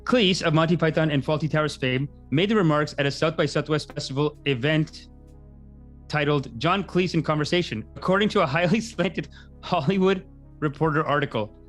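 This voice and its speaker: Higher-voiced man rambling comedically. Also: fairly bright tone, faint music behind. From Canada. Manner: rambling, tangent-prone, quick asides. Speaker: podcast host, comedian. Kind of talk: casual comedic monologue.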